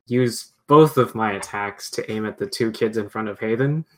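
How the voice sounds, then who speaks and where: A man's voice: fairly low pitch, normal speed. A man playing a tabletop game, declaring moves casually. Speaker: player.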